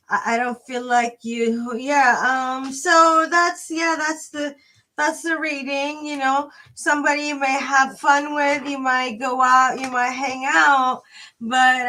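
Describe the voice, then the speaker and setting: A woman's voice: a little high, bright, forceful tone. A woman giving a live tarot reading to viewers, hesitant and rambling, with many fillers and restarts, chatty and friendly. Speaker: tarot reader.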